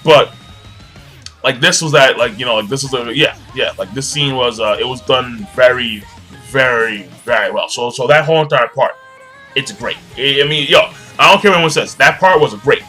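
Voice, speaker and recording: A young man casually recapping an anime episode, rambling with lots of fillers and profanity, breaking into excited shouts. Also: medium pitch, normal speed, faint music behind. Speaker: anime reviewer.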